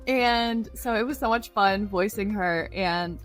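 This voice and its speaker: A woman's voice: mid-range voice, a little slow, soft background music. A woman voice actress talking as a guest in a casual interview, bubbly and gushing, often saying "like". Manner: bubbly, gushing, heavy use of "like".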